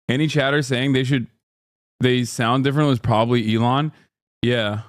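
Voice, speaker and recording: A man's voice: medium pitch, fairly even intonation, moderate pace, dry recording, studio quality. A man streaming, reacting to clips in blunt casual chat with plenty of swearing.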